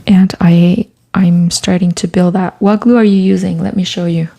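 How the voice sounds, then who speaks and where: A woman's voice: lowish voice, steady tone, fairly quick, creaky, slight background noise. A woman chatting casually on a live stream while crafting in her studio, greeting viewers by name and often dropping into a whisper. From Quebec, Canada. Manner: soft-spoken, often drops to a whisper while working. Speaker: artist livestreaming from her studio. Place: home art studio.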